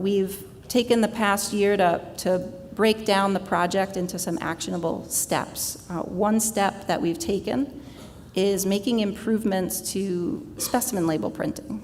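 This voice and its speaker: A woman presenting product plans at a conference in a relaxed way, with fillers. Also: normal speed. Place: large conference hall. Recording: reverberant hall with low rumble.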